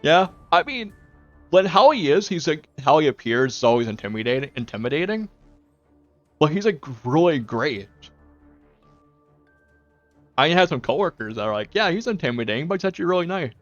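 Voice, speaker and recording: A man's voice: fairly high pitch, sing-song, moderate pace, pauses often, dry recording. A young man streaming from home, rambling casually to his viewers with lots of fillers. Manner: rambling, with many fillers and quoted self-talk. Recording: dull lo-fi mic, faint music.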